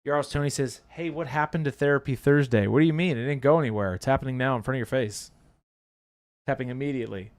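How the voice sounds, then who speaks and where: A man's voice: mid-range voice, quick pace. A man with a mid-range voice co-hosts a live hobby stream. He reads viewer comments aloud and keeps up playful, teasing banter between them. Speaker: co-host reading viewer chat.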